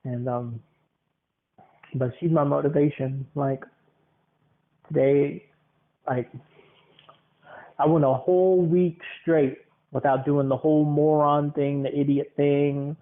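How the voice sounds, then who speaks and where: A man's voice: on the high side, flat delivery, slow, long pauses. A man hosting a podcast, rambling casually, repeating words and leaning on fillers. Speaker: podcast host. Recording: tinny phone-line sound.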